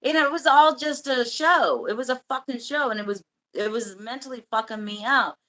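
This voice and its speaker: Woman on a livestream, bright sharp voice, cursing a lot, telling her story in bursts. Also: sits high, low-quality recording. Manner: blunt and profane; emotional, halting confession. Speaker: livestream host. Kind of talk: candid personal storytelling.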